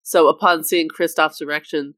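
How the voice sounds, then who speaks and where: A woman's voice: deep voice, fairly even intonation, moderate pace, a bit bright, dry recording. A woman co-hosting a casual comedy podcast who reads silly excerpts aloud and keeps trying not to laugh. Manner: giggly, tries not to laugh while reading. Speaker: podcast co-host.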